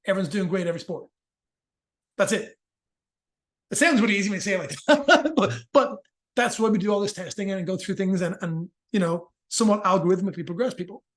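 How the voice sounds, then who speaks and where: A man explaining breathing physiology in a casual interview, fast and joking, with frequent swearing. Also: sits high, a bit bright. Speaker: movement and rehabilitation practitioner, guest.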